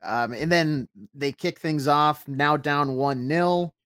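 A man hosting a soccer podcast, recapping the match step by step in a measured, casual way with frequent fillers. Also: a little high, fairly bright tone, no echo.

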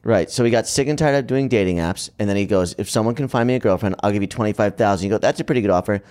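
A man's voice: on the low side, racing, a little mellow. A man co-hosting a casual chat who reads internet stories aloud and adds mocking comments. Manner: reads news items aloud with mocking asides.

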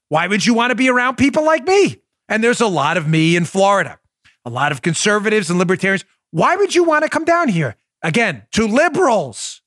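A man hosting a political talk podcast, speaking in an animated, emphatic way and repeating points for effect. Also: sits high, no room sound, clean studio sound. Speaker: podcast host.

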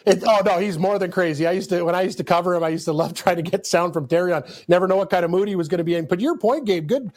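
A man co-hosting a sports podcast, chiming in with quick remarks and anecdotes. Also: high voice, darkish tone. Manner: chatty, quick interjections. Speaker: podcast co-host. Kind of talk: casual sports chat.

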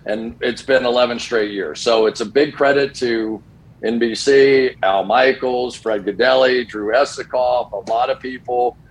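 An older man with a mid-range voice, a football broadcaster, tells stories at a measured pace on a sports talk show, casually and with animation. He acts out the voices of the people in his tales. The recording quality is low.

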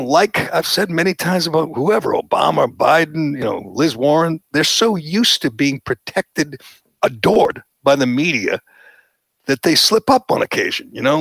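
A male podcast host rants about the news in a lively, opinionated way. His voice is slightly high with a gravelly edge, recorded dry and close. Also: no room sound. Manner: animated, mocking quoted voices. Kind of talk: opinionated political commentary chat.

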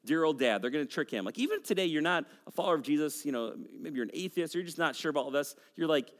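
Animated preacher in his forties. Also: on the high side, rapid-fire, in a large hall. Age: 40s. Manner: casual, joking asides while reading scripture. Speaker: pastor. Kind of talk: sermon.

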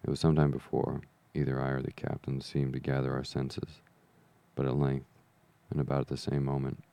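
A man reading an adventure novel aloud as an audiobook narrator, in measured, even storytelling. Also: rumbling low, vocal fry. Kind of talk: scripted narration.

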